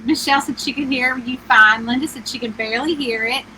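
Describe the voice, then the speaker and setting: A middle-aged woman with a high, squeaky, twangy voice, talking casually into her phone from a little camper. Her tone is sharp and bright, and she sits well up in the higher range. She chats loosely and greets each viewer by name. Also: steady tone, fairly quick, slight background noise, low-quality recording. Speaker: author hosting a livestream. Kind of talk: casual live-stream chat. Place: inside a small camper with the air conditioner running.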